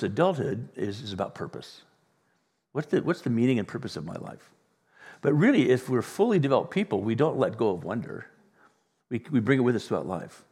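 A middle-aged male pastor delivering a sermon, telling stories with lively quoted voices. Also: lowish voice, breathy edge. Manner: animated storytelling with quoted voices. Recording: church hall with long reverb.

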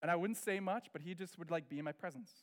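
A middle-aged man delivers a storytelling sermon. His voice sits high for a man, and he slips into the voices of the people in his story as he tells it. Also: fast talker. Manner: animated, acts out quoted voices. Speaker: pastor.

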